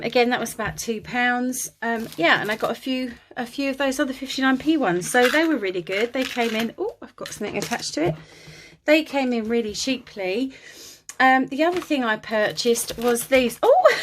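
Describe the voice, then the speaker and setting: A woman's voice: a little high, fairly bright tone, slight background noise. Tired woman chatting to camera. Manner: chatty, apologetic, hesitant with many ums. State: tired and a bit out of breath. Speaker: crafting vlogger. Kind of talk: casual chat to camera. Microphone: phone on a holder.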